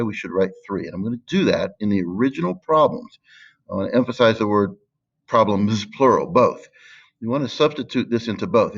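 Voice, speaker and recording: A man's voice: on the low side, creaky, lo-fi sound. A man teaching math in a screen-recorded lesson, patiently stressing key words and thinking aloud with fillers.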